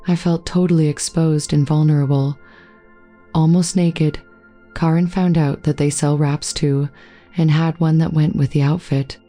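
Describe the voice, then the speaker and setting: Low, mellow woman narrating a story. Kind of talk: scripted narration.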